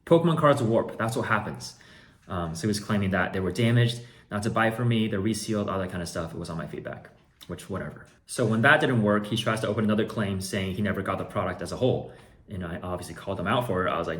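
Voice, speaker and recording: A man's voice: deep voice, fairly quick. A man who runs an online card shop, telling a story in a casual vlog with exasperated, sarcastic asides.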